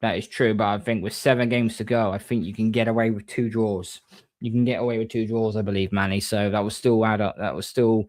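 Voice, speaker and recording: A man hosting a casual livestream, reading viewer comments and giving shout-outs in a rambling, chatty way. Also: on the low side, little pitch movement, fairly quick, no echo. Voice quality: rambling, frequent restarts, mate-and-bro shout-outs. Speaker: livestream host.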